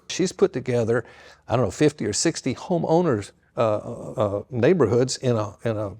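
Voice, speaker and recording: An older pastor with a drawl spins a folksy story. He slips into the voices of the people he quotes, and his pitch sits in an ordinary middle range. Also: gravelly. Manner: folksy, animated retelling with quoted dialogue. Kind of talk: storytelling to a live audience.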